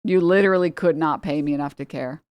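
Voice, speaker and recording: A woman's voice: low voice, fast, a little mellow, smooth, dry recording. A young woman streaming, talking casually and rambling with exasperated, sarcastic asides to her chat.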